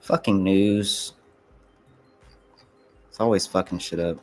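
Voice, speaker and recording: A man's voice: low voice, steady tone, slow, faint music behind. A young man trading futures live on stream, talking casually to viewers and swearing, frustrated and muttering to himself. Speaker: livestreaming futures trader.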